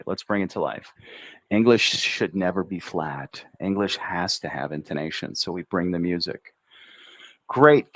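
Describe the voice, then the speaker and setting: An American man teaching English pronunciation on a livestream, drawing out syllables slowly and thinking aloud as he writes. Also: sits low, fairly bright tone, dry recording. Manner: slow, drawn-out enunciation of syllables; chatty, thinks aloud while writing. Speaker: English tutor.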